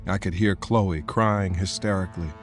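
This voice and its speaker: A man narrating a thriller audiobook in the first person, in a steady, measured way. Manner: steady, measured, low-key. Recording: soft music bed.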